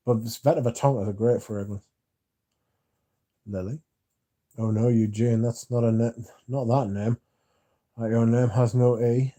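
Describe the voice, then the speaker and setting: With a dark tone at medium pitch, a young British man runs a casual livestream and reads out what viewers write. Drowsy and yawning, he chats loosely and leans on filler words.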